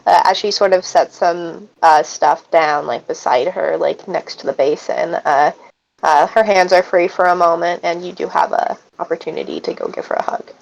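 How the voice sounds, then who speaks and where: A woman running a tabletop game as game master, narrating hesitantly with many pauses. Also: lowish voice, steady tone, creaky, poor audio. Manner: hesitant, lots of uhs.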